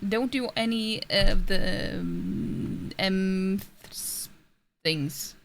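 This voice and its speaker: A Norwegian woman with a gravelly, mid-range voice streams from her home setup, talking extremely slowly and reading out chat messages in a casual chat. She rambles, interrupts herself, and laughs often, with slight background noise.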